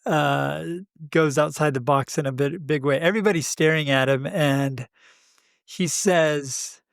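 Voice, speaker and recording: A man co-hosts a reflective spiritual conversation. His voice sits a touch higher than most men's, and he speaks thoughtfully, pausing often. The recording is close and dry. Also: vocal fry, dry recording. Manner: thoughtful, unhurried, frequent "uh" pauses. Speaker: podcast co-host.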